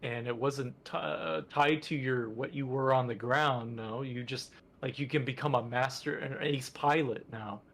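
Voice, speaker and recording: A man's voice: mid-range voice, steady tone, normal speed, creaky, hardly any pauses, fairly bright tone. A man co-hosting a podcast in casual chat, rambling with enthusiasm and lots of fillers. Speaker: podcast co-host.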